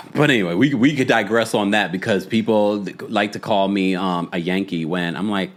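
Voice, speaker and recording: A man's voice: lowish voice, moderate pace, a bit bright. A man with a New York accent hosting a live reality-show recap, reading viewer comments and laughing often as he acts out quotes. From United States.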